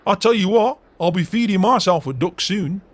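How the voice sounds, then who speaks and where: A man's voice: sits high, expressive, moderate pace. A man playing a grumpy, foul-mouthed middle-aged farmer in a farming game role-play. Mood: grumbling. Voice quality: raspy, gruff and swearing.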